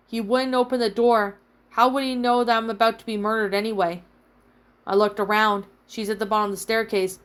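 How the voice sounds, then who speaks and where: A woman's voice: on the high side, fairly even intonation, normal speed, fairly bright tone. A woman reading a first-person horror story aloud as a channel host, in a dramatic storytelling manner. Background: background music.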